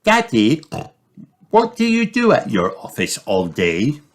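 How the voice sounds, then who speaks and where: A man doing a high-pitched excited little girl piglet. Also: takes it slowly, exaggerated voice. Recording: noisy home recording with clicks.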